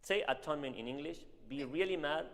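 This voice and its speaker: A man coaching a singer in a masterclass, talking in an animated, emphatic and dramatic way. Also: on the high side, fast, gravelly, very noisy. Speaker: voice teacher. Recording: reverberant hall with music.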